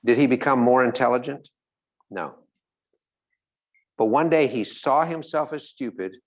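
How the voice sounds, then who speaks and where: An expressive man of medium pitch takes the role of a motivational speaker before a live audience. He narrates stories, questions the listeners, and slows down for the key points.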